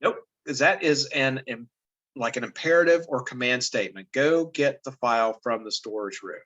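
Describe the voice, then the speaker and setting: A man teaches a class in a relaxed, conversational way, peppering his explanations with fillers and quick "right?" checks. His voice sits at an ordinary middle pitch. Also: lo-fi sound. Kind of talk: casual classroom teaching over a lesson video.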